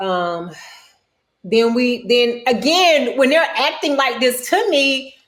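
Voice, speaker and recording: A woman chats as a guest, recounting a story with lively energy. Her voice sits a little high, and it leaps up when she acts out what she said. She is an animated, expressive storyteller. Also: slow pace. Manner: animated, quoting herself with sharp pitch jumps. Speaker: guest, reality TV cast member. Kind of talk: casual storytelling interview.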